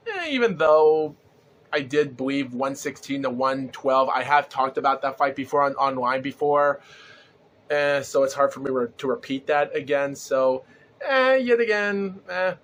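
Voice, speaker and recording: A man hosting a rambling solo podcast, talking excitably with lots of fillers and restarts, his throat sore and groggy and his breath short. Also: fairly high pitch, slight background noise. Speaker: podcast host. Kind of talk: solo casual podcast commentary.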